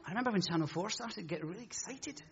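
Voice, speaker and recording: A man's voice: high voice, lively intonation, fast talker, a bit bright, lo-fi sound. A man preaching a sermon in church, chatty and jokey, teasing his congregation. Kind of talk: humorous sermon talk.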